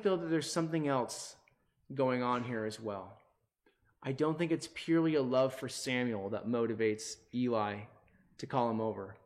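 A middle-aged man preaching a sermon earnestly, swinging between emphatic and hushed delivery. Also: medium pitch. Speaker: pastor.

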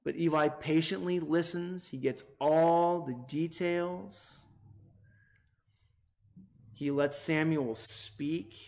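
A middle-aged man preaching a sermon earnestly, swinging between emphatic and hushed delivery. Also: mid-range voice. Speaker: pastor.

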